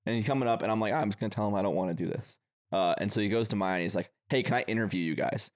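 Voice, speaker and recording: A young man co-hosting a podcast, telling stories in casual chat and acting out the quotes. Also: lowish voice. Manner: rapid storytelling, acts out quotes. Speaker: podcast co-host.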